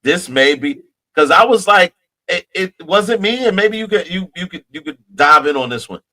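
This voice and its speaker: A man's voice: high voice, expressive, moderate pace, pushed and bright, low-quality recording. A man from New Jersey co-hosting a podcast, chatting casually about movies with lots of restarts and repeated words. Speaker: podcast co-host.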